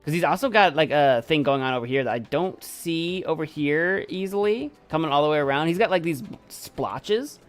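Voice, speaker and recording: A man's voice: fairly high pitch, lively intonation, moderate pace, hardly any pauses, soft background music. A man chatting casually on a live stream, giving playful commentary.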